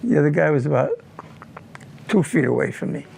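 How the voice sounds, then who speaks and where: Older male veteran interviewee; raspy, fry-heavy voice sitting high; slow, halting, repeats words as he recounts the past. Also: lively intonation, darkish tone, a little hiss or hum. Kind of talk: recounting a personal war memory in an interview.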